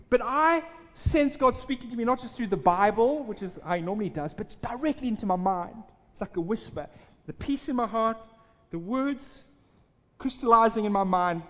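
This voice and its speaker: A man, a pastor, telling a personal story in a sermon, earnest and full of restarts. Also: sits high. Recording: reverberant hall.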